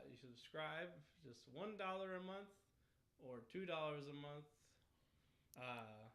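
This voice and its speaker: Bright-voiced man in a roomy space. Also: on the high side. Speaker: podcast co-host. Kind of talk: casual podcast chat.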